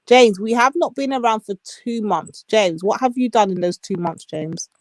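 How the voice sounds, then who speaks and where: A woman's voice: medium pitch, normal speed, no room sound. A woman in heated casual banter, mocking and teasing. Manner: mocking, teasing, repeats his name.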